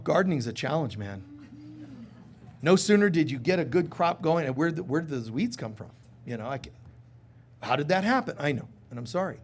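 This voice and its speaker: A man preaching a live sermon with a slightly raised pitch. He talks to the congregation like friends, joking and acting out quick little voices. On serious points he goes soft and quiet. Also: big pitch swings. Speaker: spiritual teacher.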